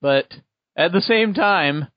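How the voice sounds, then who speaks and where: A man's voice: high voice, lively intonation, slow pace, dry recording. A man leading a casual brainstorming chat, running through a list and checking that everyone agrees. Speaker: worldbuilding session lead. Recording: dry, dull lo-fi sound.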